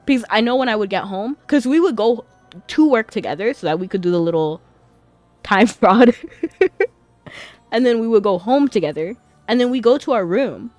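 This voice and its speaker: A woman's voice: fairly high pitch, expressive, moderate pace, darkish tone, no echo. Young female game streamer, chatty and giggly, faint game music behind. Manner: chatty, giggles often between remarks. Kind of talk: casual gameplay chat.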